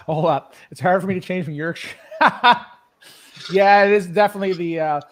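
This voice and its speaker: On a livestream, a man with an East Coast Canadian accent rambles through casual chat and laughs a lot. He speaks at a moderate pace in a voice that sits high and sounds a bit bright.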